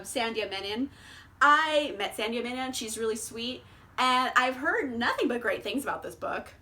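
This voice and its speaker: Bright-voiced, chatty young woman vlogger. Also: a little high. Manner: chatty, swears freely, laughs often. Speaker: booktuber. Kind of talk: casual book tag vlog.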